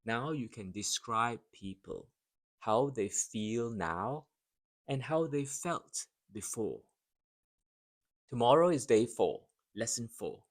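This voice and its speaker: A man teaching an English lesson, reading out short example sentences in clearly spaced phrases for learners to repeat. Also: medium pitch, animated, takes it slowly. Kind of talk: slow repeat-after-me language drill.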